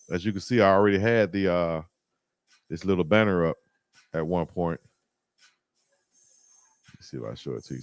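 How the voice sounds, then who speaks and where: Man, live-stream host, casual animated banter, laughs a lot, dry close sound. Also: lowish voice, clear, resonant tone, no room sound.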